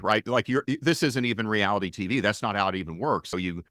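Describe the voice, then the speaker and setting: A middle-aged man, a venture investor and author, explaining his ideas in an energetic, conversational interview. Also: on the low side, quick pace, no echo, studio quality. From United States. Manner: energetic, conversational, frequent restarts.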